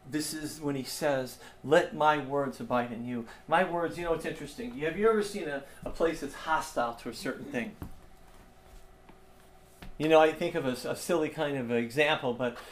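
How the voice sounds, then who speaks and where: A man preaching a sermon with passion, rising to loud emphasis and dropping to hushed, repeated lines. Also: on the high side, normal speed, echoey room, a little hiss or hum. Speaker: pastor.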